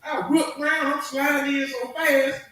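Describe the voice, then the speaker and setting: A man's voice: very high voice, level tone, normal speed. A man doing crude stand-up comedy, telling stories with animation and laughing through his punchlines. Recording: echoey far-off stage recording with loud crowd laughter. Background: audience laughter.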